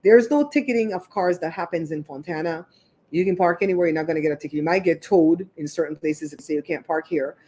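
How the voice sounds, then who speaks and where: Woman host, lowish voice, rambling chatty storyteller on a livestream. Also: fast talker, warm tone, slightly rough. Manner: chatty, rambling retelling full of asides. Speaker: show host.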